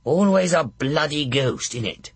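A man doing a shrill, bawdy old witch. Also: animated, unhurried, husky, no room sound. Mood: teasing. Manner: shrill, teasing, sing-song. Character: tall old female witch, sly and bawdy.

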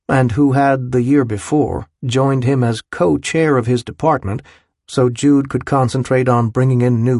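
A man narrating an audiobook in a measured, even reading style. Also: medium pitch, creaky, no room sound, studio quality. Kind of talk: scripted narration.

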